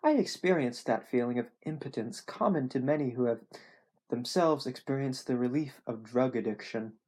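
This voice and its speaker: Hobby reader, airy and husky, casual read-aloud with rambling asides. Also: medium pitch, expressive, moderate pace, darkish tone. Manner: self-deprecating, chatty asides.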